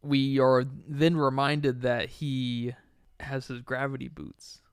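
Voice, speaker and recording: A man's voice: mid-range voice, level tone, slow pace, clean tone, no room sound, studio quality. A man co-hosting a podcast, chatting casually about a film with enthusiasm and loose phrasing full of fillers. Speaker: podcast co-host.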